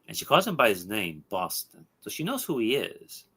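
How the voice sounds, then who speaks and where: Male podcast host, lively storyteller, bright tone. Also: fairly low pitch, normal speed, breathy edge. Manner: animated storyteller with tag questions. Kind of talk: retelling a comic story.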